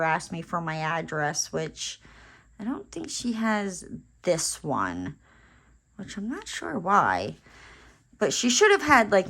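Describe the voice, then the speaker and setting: A woman with a fairly low but slightly bright voice is momentarily winded from dashing downstairs. Crafting at home, she wanders through a casual story, stopping and restarting with lots of fillers.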